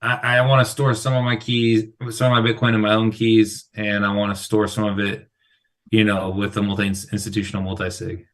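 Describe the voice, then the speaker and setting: A man hosting a casual chat stream, asking quick, curious questions. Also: fairly low pitch, flat delivery, fairly bright tone. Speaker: host.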